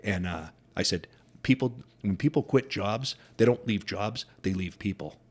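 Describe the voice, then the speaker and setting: A man's voice: on the low side, lively intonation, moderate pace. A middle-aged deaf man, a podcast guest who wears hearing aids, telling earnest stories in casual interview chat and acting out quoted dialogue.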